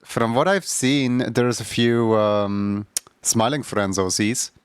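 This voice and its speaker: A man's voice: medium pitch, slow pace, smooth, no room sound, studio quality. A young man streaming and chatting casually, rambling with lots of fillers. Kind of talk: casual chat.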